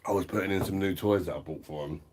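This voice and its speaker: Speaking fast in a low, slightly mellow and husky voice, this middle-aged man reviews beer on a live stream from his home. He chats casually, curses, laughs a lot, and reads messages from the chat aloud.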